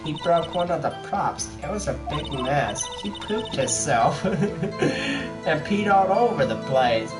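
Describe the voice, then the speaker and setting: A man's voice: on the high side, expressive, slow, recorded from a distance. A man voicing a nosy, scolding old woman witness in a rambling put-on voice, over game music. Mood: gossipy.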